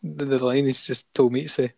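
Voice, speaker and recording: A man's voice: medium pitch, little pitch movement, brisk, creaky, darkish tone, no room sound. Podcast co-host, male, banter and swearing, dead dry mic, mid voice. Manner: joking, sweary, protesting. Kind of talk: casual banter.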